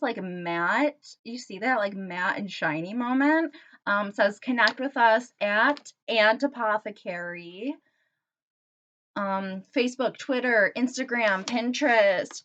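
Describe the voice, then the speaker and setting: Young female vlogger, excitable and slangy, unhurried delivery, slightly muffled home recording. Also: mid-range voice, slight background noise. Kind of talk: casual unboxing chat. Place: her reading room at home.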